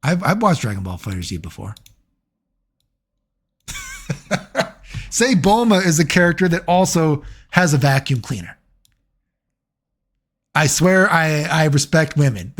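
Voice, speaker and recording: A man's voice: on the high side, sing-song, unhurried, pauses often. A man speaking as a gaming YouTuber in casual commentary, rambling and sarcastic, swearing freely.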